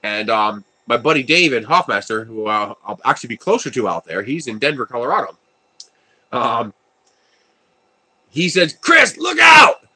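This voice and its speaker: A man's voice: mid-range voice, expressive, moderate pace, pauses often, pushed and bright, slightly rough. A man hosting a casual livestream while building a 3D printer, telling stories, laughing often and answering viewer chat. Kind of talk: casual live-stream chat.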